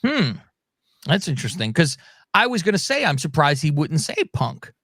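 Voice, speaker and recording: Brief: male podcast co-host, animated and profane, dry close sound. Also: a little high, normal speed, no echo. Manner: profane, animated recapping with quoted voices. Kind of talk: casual wrestling talk.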